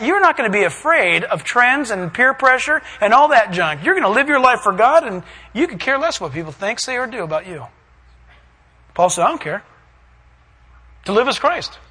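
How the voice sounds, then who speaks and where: A man preaching a sermon, reading verses and acting out scenes with shouts and put-on voices. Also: very high-pitched, breathy edge, in a large hall, low-quality recording. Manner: animated, acts out voices and shouts for emphasis.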